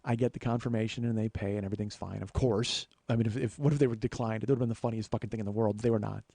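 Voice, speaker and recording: A man's voice: fairly low pitch, steady tone, racing, creaky, mellow, no room sound. A man in his forties hosting a podcast, telling a long comic story with profane, self-deprecating asides. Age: 40s. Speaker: podcast host. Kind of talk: comedic storytelling monologue.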